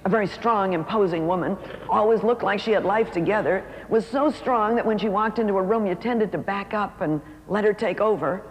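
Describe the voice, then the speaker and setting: A middle-aged woman, an author and speaker, telling a personal story in an emotive way and slowing down for emphasis. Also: medium pitch. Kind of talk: storytelling talk. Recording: reverberant hall with faint noise.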